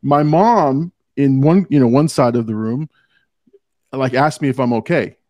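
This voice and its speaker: A man's voice: medium pitch, measured pace, darkish tone, no echo. A man hosting a podcast, talking earnestly in casual chat and often restarting as he tells personal stories. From Hispanic family background. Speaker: podcast host.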